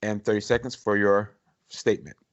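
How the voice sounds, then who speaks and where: A man's voice: fairly low pitch, level tone, normal speed. Man moderating in a formal, repeating voice. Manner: formal, repetitive, trying to keep order. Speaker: debate moderator. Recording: dull lo-fi podcast audio.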